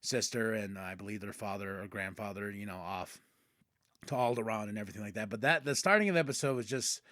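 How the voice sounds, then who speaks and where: A man hosting a podcast, retelling episodes in casual chat and excitedly acting out characters' lines. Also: lowish voice, fast talker, no echo, clean studio sound. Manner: excitable, acts out characters' lines mid-story. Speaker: podcast host.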